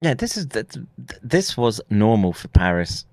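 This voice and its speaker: A man's voice: mid-range voice, sing-song, normal speed, darkish tone, dry recording, studio quality. A middle-aged man live streaming, telling a story in casual, rambling speech full of swearing and restarts. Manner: profane, rambling, many restarts.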